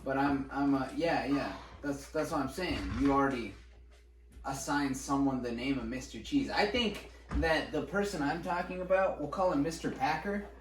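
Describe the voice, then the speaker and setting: A young man co-hosting a podcast, telling school stories in casual chat, animated and profane, laughing as he goes. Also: medium pitch, moderate pace. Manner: animated, swearing, laughing while recounting. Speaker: podcast co-host. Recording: echoey room, mic at a distance, faint noise.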